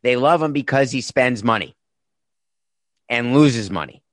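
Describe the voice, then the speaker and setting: A middle-aged man holds forth in an opinionated monologue, hammering his points with sarcastic, punchy emphasis. His voice sits at an ordinary male pitch. It is recorded close and dry, with no room sound. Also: expressive, measured pace, no room sound. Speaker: former baseball team executive.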